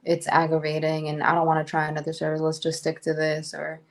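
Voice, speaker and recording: A woman co-hosting a podcast in casual chat, easygoing, upbeat and quick to laugh. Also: low voice, completely flat delivery. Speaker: podcast co-host.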